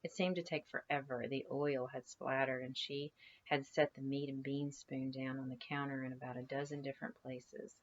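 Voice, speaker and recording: A woman's voice: very deep voice, flat delivery, normal speed, lo-fi sound, slight background noise. A woman teacher reading a novel aloud to her class in a conversational way, stopping to ask her students questions. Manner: conversational, asks students questions between passages.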